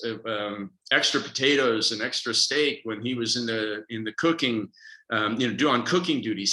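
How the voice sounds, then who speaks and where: A man's voice: mid-range voice, echoey room, low-quality recording. A man coaching on a motivational podcast, talking emphatically and acting out the voices in people's heads. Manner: energetic, emphatic, acts out inner voices. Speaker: productivity coach.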